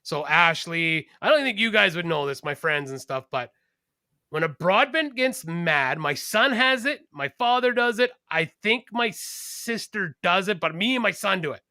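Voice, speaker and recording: Man, high-pitched, swings all over, bright tone, profane storyteller. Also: expressive, normal speed, dry recording, clean studio sound. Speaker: podcast host, garbage collector. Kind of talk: casual podcast chat.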